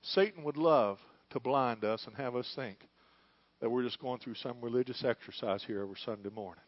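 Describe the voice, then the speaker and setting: A middle-aged male pastor preaching a sermon in church, moving between quiet, hushed lines and loud, fervent calls. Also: medium pitch, fairly quick, no echo, highs cut off. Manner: preaching, swings from hushed to shouting.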